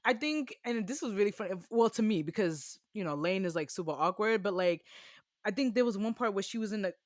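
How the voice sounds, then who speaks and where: A woman's voice: mid-range voice, lively intonation, brisk, no echo, clean studio sound. A woman co-hosting a podcast, chatting expressively and laughing easily. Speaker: podcast co-host. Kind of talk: casual chat.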